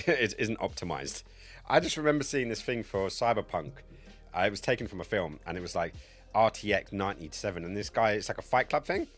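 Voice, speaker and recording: Brief: male streamer, thirties, crude rambling humor, very animated pitch, faint music underneath. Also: a little fast. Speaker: game streamer. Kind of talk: casual livestream chat.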